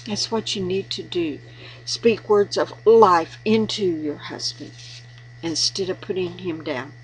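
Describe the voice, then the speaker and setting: A woman's voice: on the low side, unhurried, a little hiss or hum, poor audio. A woman giving earnest, preachy marriage advice in an informal devotional talk, repeating words for emphasis. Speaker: Christian video blogger giving marriage advice.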